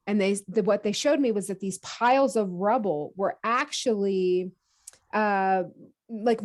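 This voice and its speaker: Woman chatting on a podcast, lively, quotes herself a lot, laughs easy. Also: mid-range voice. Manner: lively, acts out her own quoted thoughts; many fillers and restarts, laughs easily. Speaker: podcast guest. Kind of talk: casual conversational storytelling.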